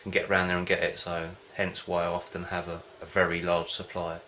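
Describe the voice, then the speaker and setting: Deep, flat-voiced rambling home-brew vlogger. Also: male voice, a little fast, slight background noise. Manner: rambling, hesitant, loses his thread. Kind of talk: casual rambling chat to camera.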